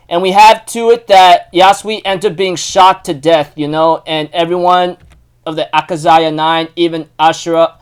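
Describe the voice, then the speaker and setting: A young man hosting a casual anime recap, excitable and full of fillers like "dude" and "you know". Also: high-pitched.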